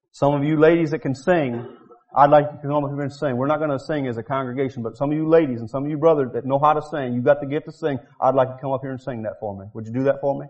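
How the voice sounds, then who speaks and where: A man preaching a revival sermon in church, swinging from quiet pleading to shouted, drawn-out climaxes. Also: mid-range voice, dull audio.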